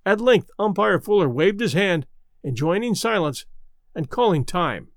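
Male narrator, high and animated, dry close sound, expressive storybook reading. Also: a little slow, no room sound. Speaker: audiobook narrator.

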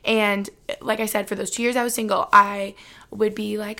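A woman's voice: medium pitch, level tone, moderate pace, creaky, sharp tone. Chatty young woman vlogging. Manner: chatty, heavy use of "like", speaks straight to viewers. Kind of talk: casual storytime chat to viewers.

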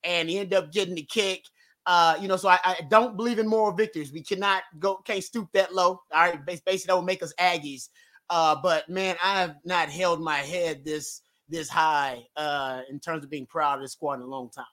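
A man's voice: on the high side, steady tone, a little fast, sharp tone. A man talking as a guest on a postgame football show, emphatic and openly emotional as a fan. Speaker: guest analyst. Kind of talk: postgame sports talk show.

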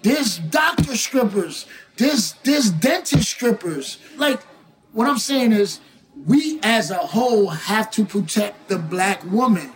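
Brief: male interview guest, very high voice, emphatic, repeats himself, often shouts. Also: expressive, takes it slowly, noisy background. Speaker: guest rapper. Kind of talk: casual interview talk.

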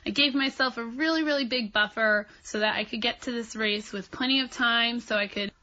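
A woman tells her own running mishap with lively, animated energy, laughing in places. Her voice is bright and fairly high, and the self-recorded clip sounds a little dull and lo-fi. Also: brisk. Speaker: podcast listener submitting a story. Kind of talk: personal anecdote.

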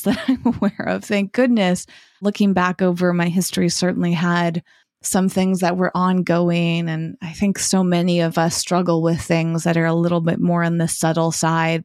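A woman's voice: on the low side, darkish tone, dry recording, clean studio sound. A woman hosting an interview, asking thoughtful, reflective questions. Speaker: podcast host.

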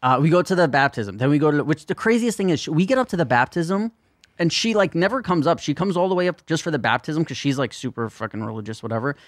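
A man's voice: a little high, lively intonation, quick pace, no room sound, clean studio sound. A man co-hosting a podcast, rambling through a story in a casual chat and swearing often. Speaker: podcast co-host.

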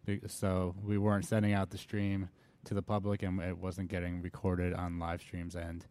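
A man on a talk show stream talking casually in a flat, monotone way. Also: low voice, moderate pace, clean tone. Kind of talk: casual chat.

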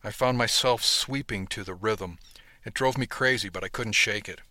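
Bright-voiced man narrating a story. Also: fairly low pitch, moderate pace, dry recording. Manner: steady storytelling. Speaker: audiobook narrator. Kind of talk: scripted first-person narration.

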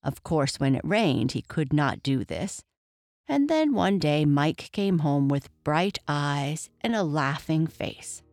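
A woman narrating a children's story in a steady, clear reading voice. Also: low voice, slow, dry recording, clean studio sound. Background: faint guitar music.

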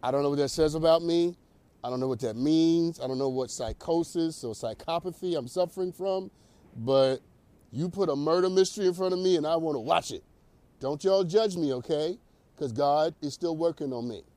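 Guy hosting a talk show, kinda high voice, preachy and animated, dry close sound. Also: normal speed, no echo. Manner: animated, preacherly, laughs at own jokes. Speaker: host.

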